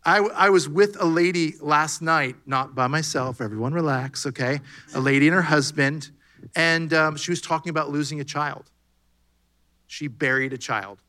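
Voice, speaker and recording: A man's voice: fairly high pitch, normal speed, pushed and bright. A man preaching a sermon in a conversational way, acting out bits of dialogue as he goes. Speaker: pastor.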